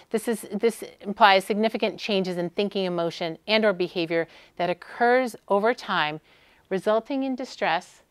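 Smooth-voiced American woman lecturing. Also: fairly low pitch, no room sound. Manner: friendly, conversational, with frequent "um"s. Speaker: sports medicine doctor giving a talk. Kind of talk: conference lecture.

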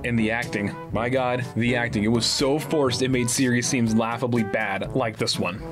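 A man's voice: mid-range voice, steady tone, moderate pace, over music. A young man hosting a student comedy segment, ranting in exasperation about a bad movie. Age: young adult. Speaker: segment host, movie critic. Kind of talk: scripted comedic movie rant.

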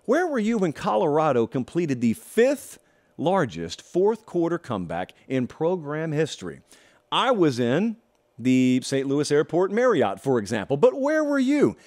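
A man's voice: sits high, a little mellow. A man hosting a college football show, delivering an emphatic opinion monologue full of rhetorical questions and sarcastic asides.

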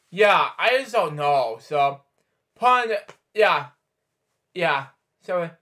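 A man with a bright, slightly high voice reads a bedtime picture book aloud. He stumbles, restarts words and wanders off into chatty asides between pages. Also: very animated, very slow, long pauses. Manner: rambling, stumbling, many restarts and side comments. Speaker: storyteller host.

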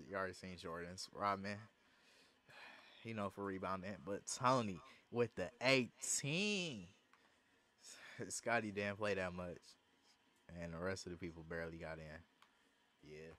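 A man commentating his own basketball video game, swinging from low muttering to excited shouting. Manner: hyped, shouting bursts between low muttering. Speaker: gaming streamer. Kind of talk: excited live commentary over gameplay.

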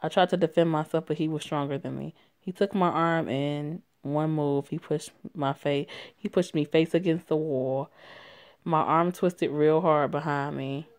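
A woman's voice: low voice, steady tone, measured pace, a little mellow. A young woman casually reading a written story aloud, stumbling and correcting herself, swearing and laughing as she goes. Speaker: story reader.

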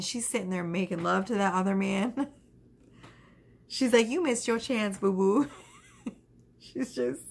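A woman giving a casual tarot reading, chatty and animated, with lots of fillers. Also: medium pitch, creaky. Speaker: tarot reader.

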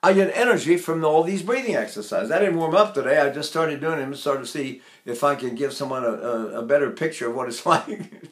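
Older man in his eighties, voice teacher, chatty demo of breathing, slightly high voice. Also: lively intonation, fairly quick. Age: 80s. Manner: chatty, demonstrative, holds breath while talking. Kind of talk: demonstrating breathing technique.

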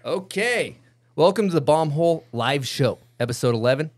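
A man hosting a casual podcast show, chatting in quick, upbeat banter with guests in a studio. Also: fairly high pitch, expressive, dry recording, soft background music. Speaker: podcast host. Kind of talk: casual chat. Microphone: studio mic.

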